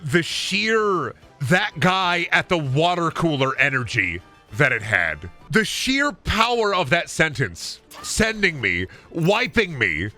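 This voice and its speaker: A man's voice: a little high, very animated, takes it slowly, bright, forceful tone, soft background music. A man streaming a game, chatting to his audience in a rambling, exaggerated way. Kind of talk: casual live-stream chat.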